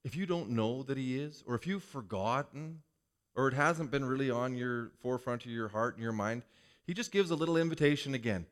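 A man's voice: medium pitch, a little fast. A male pastor giving a conversational sermon, asking the congregation rhetorical questions.

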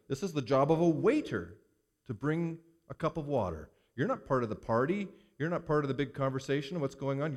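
Pastor guy preaching in church, swoops his pitch around a lot, mid-pitched voice. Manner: animated preaching, reads scripture aloud and comments on it. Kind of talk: sermon.

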